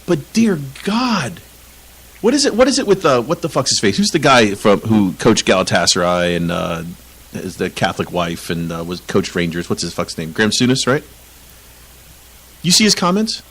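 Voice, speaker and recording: A man's voice: lowish voice, sing-song, moderate pace, a bit bright, slightly rough, poor audio. A man co-hosting a casual soccer podcast, ranting with lots of swearing and frequent laughter. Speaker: podcast co-host.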